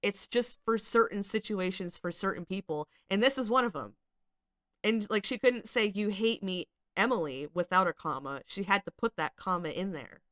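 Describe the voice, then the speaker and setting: A woman's voice: medium pitch, expressive, moderate pace, fairly bright tone, no echo, studio quality. A young woman casually commenting on screenshots she reads aloud, chatty and exasperated, with lots of filler words. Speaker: commentary channel host.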